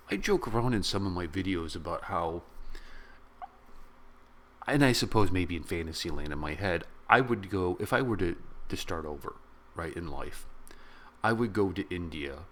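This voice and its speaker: Low-voiced man rambling through a film review. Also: moderate pace, long pauses. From of British descent. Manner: rambling, excitable, slangy. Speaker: movie reviewer. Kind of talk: casual spoken film review.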